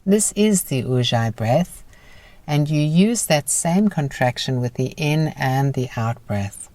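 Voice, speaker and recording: A woman teaching a guided breathing lesson in a calm, encouraging, instructive manner. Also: extremely low pitch, takes it slowly, no room sound.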